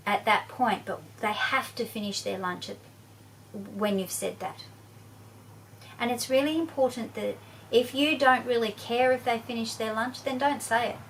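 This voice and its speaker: A woman with a slightly high voice gives parenting advice in a calm, steady, advising way. She sounds a bit far from the mic, with a faint hiss of background noise behind her. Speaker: parenting educator. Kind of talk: instructional parenting talk.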